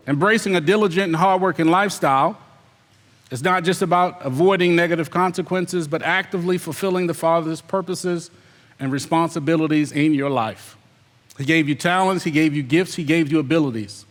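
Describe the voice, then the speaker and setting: Talking fast, a pastor with a high, fairly bright voice hurls a fiery sermon across an echoing large hall. He confronts his congregation head-on and scoffs at their excuses.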